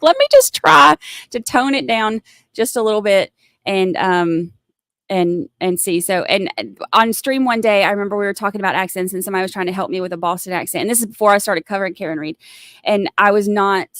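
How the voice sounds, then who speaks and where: A woman's voice: mid-range voice, a bit bright, no room sound. Southern woman, livestream host; loose chatty ramble, restarts sentences, dry sound. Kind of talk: casual livestream chat.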